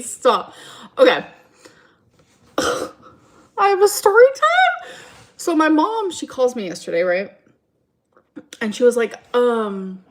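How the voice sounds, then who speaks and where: A woman streaming from home, chatting casually and rambling through a story time while answering her chat. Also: on the high side.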